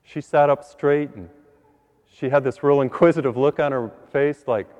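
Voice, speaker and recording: A priest giving an earnest sermon, repeating words and building to higher emphasis on key points. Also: male voice, normal speed, darkish tone, in a large hall. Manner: earnest, repeats words, rises in pitch when stressing a point.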